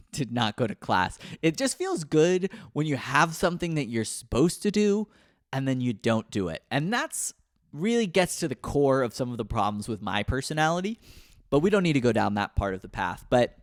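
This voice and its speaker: A man's voice: mid-range voice, no echo, clean studio sound. Rambling self-mocking man. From United States. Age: 30s. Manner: self-deprecating, rambling, many fillers and restarts. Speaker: podcast host. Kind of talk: rambling comedic monologue.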